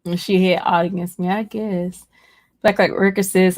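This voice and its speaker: A woman hosting a casual livestream, chatting expressively, reading viewer comments and jumping into a high voice to quote people. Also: moderate pace. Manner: animated storyteller, jumps to a high voice for quoted people; expressive, chatty, laughs often. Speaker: livestream host. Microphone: streaming setup.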